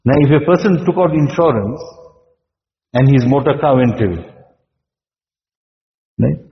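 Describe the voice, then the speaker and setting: A man delivers an Islamic sermon in a steady, measured voice, pausing for rhetorical questions. His voice echoes with a long tail, as if recorded in a large hall. The sound is dull and lo-fi. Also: medium pitch. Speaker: Islamic preacher.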